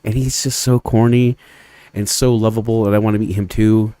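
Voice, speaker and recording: A man's voice: fairly low pitch, flat delivery, moderate pace, warm tone, clear, resonant tone, no echo. A man co-hosting a podcast in casual chat, talking eagerly. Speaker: podcast co-host.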